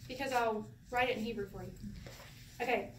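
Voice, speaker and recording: A fairly high-voiced woman leads a relaxed class, joking and laughing as she goes. She sits back from the microphone in a roomy, echoing space, with a faint hiss of room noise underneath. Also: brisk, recorded from a distance. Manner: playful, laughs often, sing-song when demonstrating. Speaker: Hebrew teacher. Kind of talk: casual classroom teaching.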